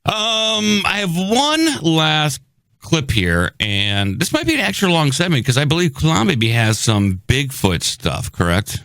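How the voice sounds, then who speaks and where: A man's voice: a little high, big pitch swings, measured pace, a bit bright, no echo, clean studio sound. A man hosting a comedic podcast, joking and self-mocking. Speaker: podcast host.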